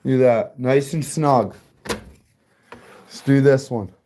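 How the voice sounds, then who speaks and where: A man's voice: mid-range voice, very slow, warm tone, a little hiss or hum. A man giving a casual workshop build tutorial as a car audio installer, chatty and profane, talking straight to his viewers.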